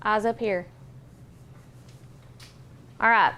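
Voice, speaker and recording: A woman teacher leading a phonics lesson, giving clear, patient directions and drawing out sounds slowly. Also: mid-range voice, steady tone, pushed and bright, dull audio, a little hiss or hum. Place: classroom.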